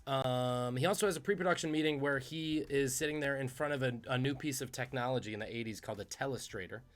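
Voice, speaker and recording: A man hosting a podcast, telling trivia stories in a casual, animated, conversational way. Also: mid-range voice, quick pace, soft background music. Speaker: podcast host.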